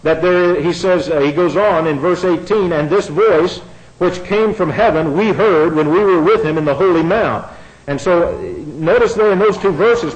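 A middle-aged man preaching a sermon, folksy and sarcastic, swinging between quiet asides and loud outbursts. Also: high-pitched, rough recording.

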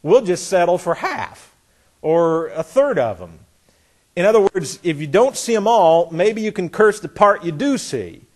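A man with a high-sitting voice and big pitch swings teaches a Bible lesson at an unhurried pace. He reads scripture in a folksy, emphatic way, acting out the speakers' voices and chuckling now and then.

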